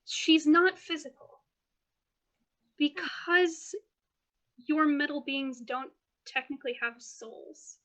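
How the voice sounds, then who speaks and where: A woman runs a tabletop game with a high, bright voice. She narrates scenes in a lively, playful way and laughs often between descriptions. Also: takes it slowly, pauses often. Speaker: game master.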